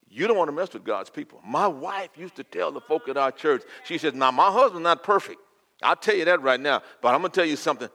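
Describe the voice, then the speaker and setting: An older man preaching a sermon, swinging from loud, fervent declaiming to quiet, intimate asides. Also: on the high side.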